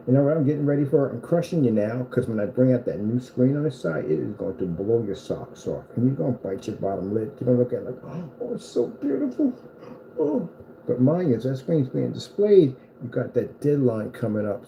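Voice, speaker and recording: Gravelly, taunting man ranting. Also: mid-range voice, animated, a little fast, dull audio, a little hiss or hum. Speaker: screen maker. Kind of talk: trash-talking rant at a rival.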